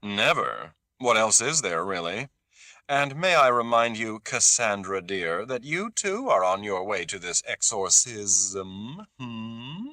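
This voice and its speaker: A man's voice: lowish voice, big pitch swings, takes it slowly, bright, forceful tone, no echo, clean studio sound, pitched above the performer's own voice, exaggerated voice. A man reading aloud voices a lazy, supercilious man who sneers and drawls. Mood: condescending.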